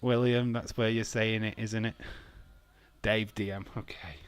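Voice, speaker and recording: A man's voice: on the low side, little pitch movement, slow, clean tone. A British man hosting a wrestling watch-along stream, reading chat aloud, laughing often and arguing playfully, with some swearing. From Britain. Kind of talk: casual live-stream chat.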